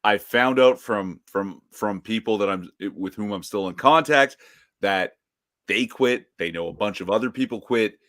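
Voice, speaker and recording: A man with a lowish voice chats casually as a podcast co-host. He is wry and quick with a joke, and his talk is loose and offhand. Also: a bit bright. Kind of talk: casual chat.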